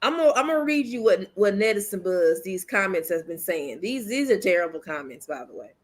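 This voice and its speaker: A woman's voice: medium pitch, sing-song, fairly quick. A woman hosting her own commentary channel, ranting bluntly and emphatically in casual slang and repeating her points.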